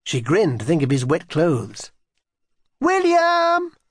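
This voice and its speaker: Husky, animated man reading a children's story. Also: medium pitch, normal speed, dry recording, studio quality. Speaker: audiobook narrator.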